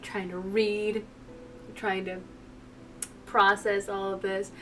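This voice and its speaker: A woman's voice: medium pitch, level tone, slow, bright, forceful tone, a little hiss or hum. Teary young woman streamer, emotional, laughing at herself, mic kinda far off. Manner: emotional, laughing, self-mocking. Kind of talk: casual let's play commentary and reading.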